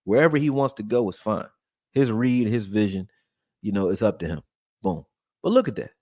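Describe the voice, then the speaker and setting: A man from Texas, raised in Philadelphia, breaking down football film and reading chat on a live stream in a loose, profane, animated way. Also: lowish voice, moderate pace, no echo, clean studio sound. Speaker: sports commentary streamer.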